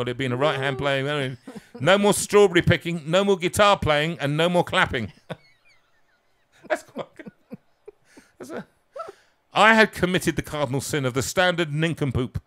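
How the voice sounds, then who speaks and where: A man reads his own comic story aloud in a theatrical, self-mocking way. He drops to hushed asides and builds to loud, excited peaks, with a fairly high-pitched voice.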